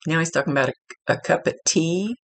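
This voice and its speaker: A man's voice: fairly high pitch, a little fast, a bit bright. A man working as a psychic medium, talking casually and rambling as he relays messages aloud. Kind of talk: casual spirit reading.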